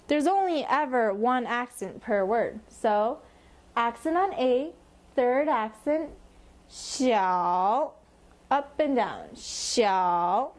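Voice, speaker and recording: A woman teaching a language lesson, patiently explaining and modeling tones by sliding her voice up and down. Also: high voice.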